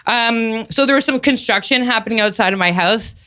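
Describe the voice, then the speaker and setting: A woman comedian performing a stand-up set, telling offbeat stories deadpan and breaking into sudden shouted bits. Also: fairly high pitch, brisk. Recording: live comedy set, loud audience laughter.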